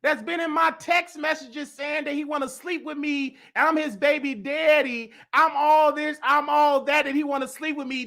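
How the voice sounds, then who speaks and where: A man's voice: very high-pitched, moderate pace, gravelly. A man hosting his own show, delivering a heated, emphatic rant and acting out the quotes he repeats. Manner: animated, emphatic, repetitive, with acted-out quotes. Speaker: host. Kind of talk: heated live-stream rant.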